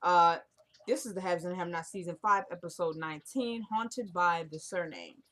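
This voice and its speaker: A young woman casually recapping a TV episode, chatty and animated, acting out the scenes as she retells them. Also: fairly low pitch, normal speed. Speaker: TV episode reviewer.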